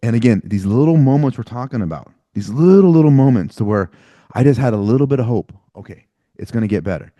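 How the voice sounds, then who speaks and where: A man's voice: mid-range voice, animated, fast, mellow, dry recording. A man hosting a podcast, telling a personal story in candid, profane conversation peppered with casual slang. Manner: blunt and profane, casual slang like dude and bro. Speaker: podcast host.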